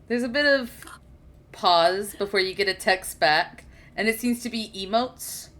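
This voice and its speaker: A young woman narrating as game master of a tabletop role-play game, casual and quick to laugh. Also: mid-range voice, a bit bright. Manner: casual, laughs often, voices characters on the fly.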